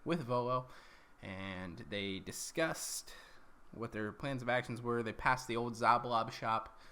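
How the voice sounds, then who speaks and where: A man's voice: medium pitch, takes it slowly, bright, forceful tone, clear, resonant tone. A man recapping his tabletop campaign as dungeon master, rambling along with lots of ums and corrections.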